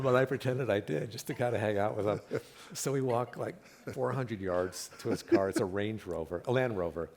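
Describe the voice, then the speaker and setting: A middle-aged comedian guest with a medium-pitched, somewhat bright voice tells stories during a conversation on a live talk event stage. He laughs at his own jokes and acts out what people said.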